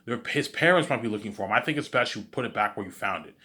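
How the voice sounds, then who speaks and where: A man's voice: fairly low pitch, lively intonation, fast talker, sharp tone. A man doing a cautious, worried wife. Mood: insistent.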